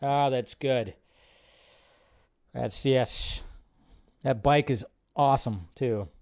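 A man hosting a live stream, reacting to a movie trailer in casual, excitable commentary, swearing freely and chatting in asides. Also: mid-range voice, slow. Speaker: host.

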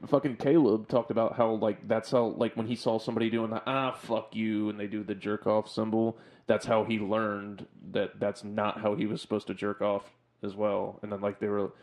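Low-voiced teasing podcast host. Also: male voice, little pitch movement, darkish tone. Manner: teasing, swears a lot, quick asides. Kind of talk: casual crude banter.

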